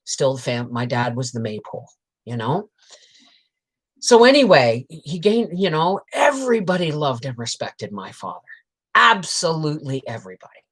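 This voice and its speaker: Woman host, deep low voice, rambling, frank and salty, chatting with live viewers. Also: very animated, normal speed, slightly rough. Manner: rambling and frank, peppered with swears and laughter; greets viewers and reads out chat comments between stories. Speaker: homestead channel host on a livestream. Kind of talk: casual livestream storytelling.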